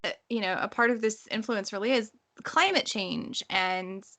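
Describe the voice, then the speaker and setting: A woman's voice: medium pitch, normal speed, fairly bright tone. A woman co-hosting a casual book discussion podcast, with a wry, dryly sarcastic manner. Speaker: podcast co-host.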